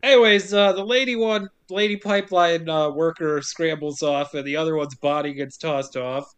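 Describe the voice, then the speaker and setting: A man's voice: a little high, steady tone, normal speed, fairly bright tone, smooth. A man hosting a casual podcast, recapping a film with sarcastic, profane jokes. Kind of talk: casual chat.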